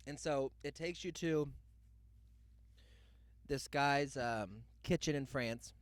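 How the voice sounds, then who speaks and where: A young man hosting a podcast takes it slowly in a medium-pitched voice, recorded dry. His comedic monologue rambles, full of asides and imitated quotes.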